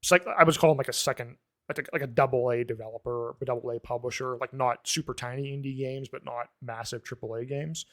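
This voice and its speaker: A man co-hosts a casual podcast at a quick clip, recorded dry and close. He chats loosely, leaning on "like" as a filler. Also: medium pitch, steady tone, fairly bright tone, no room sound. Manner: quick and chatty, many "like" fillers. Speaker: podcast co-host.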